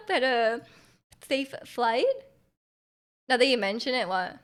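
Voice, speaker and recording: A woman's voice: fairly high pitch, takes it slowly, fairly bright tone, smooth. A woman streamer chatting casually with viewers, full of fillers and giggles, her throat a little off. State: throat feels off.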